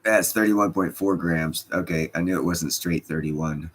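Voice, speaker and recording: A man in his forties hosting a casual chat, explaining things in a rambling, halting way with many restarts. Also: deep voice, slightly rough.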